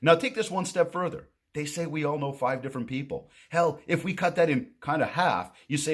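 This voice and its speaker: A man who coaches on marketing, telling a story to camera in a casual, animated way and acting out both sides of a conversation. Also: medium pitch, breathy edge.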